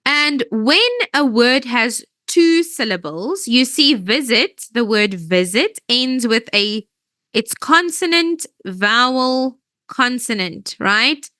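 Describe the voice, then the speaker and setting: A woman's voice: on the high side, lively intonation, slow pace, bright, forceful tone, no echo. A woman teaching English grammar in an online lesson, explaining patiently step by step and often checking that students follow.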